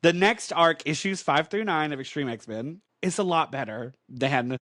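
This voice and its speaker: A man's voice: on the high side, normal speed, a bit bright, no room sound, clean studio sound. A man co-hosting a podcast, giving a chatty, emphatic comic book recap full of "like". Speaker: podcast co-host.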